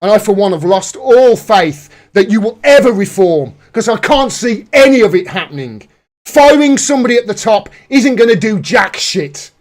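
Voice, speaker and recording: A man's voice: high voice, lively intonation, moderate pace. A man hosting a live political commentary stream, ranting angrily and swearing often. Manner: angry, profane, heated ranting. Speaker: political commentator, livestream host.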